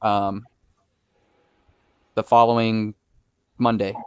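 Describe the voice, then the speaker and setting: Animated man telling a story. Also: on the low side, takes it slowly, a little hiss or hum. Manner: animated storyteller, acts out quoted voices. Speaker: guest presenting a challenge video. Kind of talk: casual chat on a livestream.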